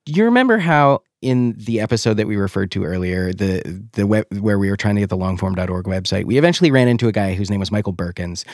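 Low-voiced man telling a story. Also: animated, fast talker, hardly any pauses, darkish tone, no room sound, clean studio sound. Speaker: podcast host. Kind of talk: storytelling podcast chat.

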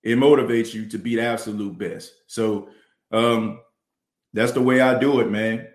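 A man's voice: lowish voice, steady tone, moderate pace, roomy sound. A man with a New Orleans accent hosting a podcast, talking fervently and with many "you know" fillers while he reads viewer chat. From New Orleans, US South. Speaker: podcast host. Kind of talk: livestream podcast talk, reading chat. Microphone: studio mic and camera.

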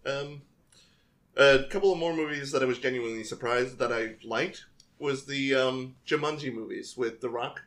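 Podcast co-host, male, average pitch, easygoing storyteller who laughs often. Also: normal speed. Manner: animated retelling of movie scenes with laughter. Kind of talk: casual chat.

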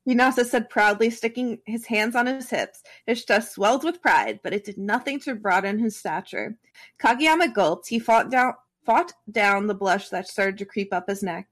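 A woman reads a fan story aloud on a podcast, stumbling a bit and breaking off for chatty asides. Her voice sits fairly high. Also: normal speed, a bit bright. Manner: casual, with restarts and asides while reading. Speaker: podcast co-host reading fan fiction. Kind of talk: reading aloud with commentary.

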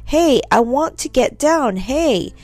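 A woman voicing an angry man shouting down from a tree in a storybook. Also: high voice, animated, takes it slowly, no room sound. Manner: loud, bellowing.

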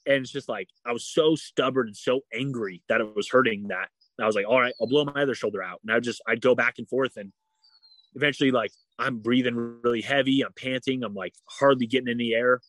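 Lively man telling a story, dry close sound. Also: mid-range voice, brisk, no room sound. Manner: animated, heavy use of "like", acts out quoted dialogue. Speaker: guest. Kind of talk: casual storytelling.

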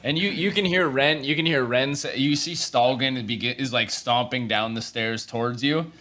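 A man's voice: mid-range voice, moderate pace, sharp tone. A man narrating a tabletop game as game master, rambling with frequent restarts.

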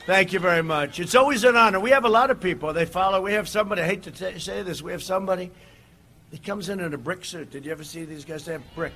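Rally speaker, male, meandering delivery with punchy shouts and quiet asides, voice a touch high and cutting. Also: quick pace. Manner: rambling, digressive, swings between shouting and muttering. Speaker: political candidate at a rally. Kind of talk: campaign rally speech. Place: outdoor rally.

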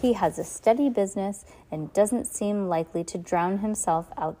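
A man's voice: high-pitched, moderate pace, mellow, slight background noise, rough recording. Woman doing a fussy, flustered banker. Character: fussy, well-meaning middle-aged male banker.

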